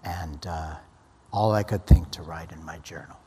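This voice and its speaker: A man's voice: low-pitched, fairly even intonation, moderate pace, warm tone, a little hiss or hum. A man giving an earnest personal testimony as a guest speaker, often restarting his sentences. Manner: earnest storytelling, frequent restarts. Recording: long hall reverb.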